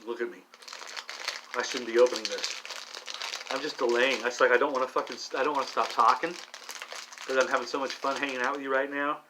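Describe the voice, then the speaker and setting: A middle-aged man vlogging alone while high, rambling with many restarts and frequent swearing. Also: steady tone, fast, pauses often, background noise. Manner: meandering, profane, restless restarts. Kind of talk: rambling solo monologue.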